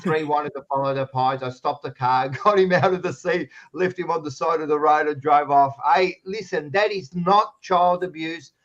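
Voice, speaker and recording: An Australian man co-hosting a casual footy podcast, loud and teasing, swearing freely. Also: a little high, normal speed, hardly any pauses, lo-fi sound. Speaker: podcast co-host.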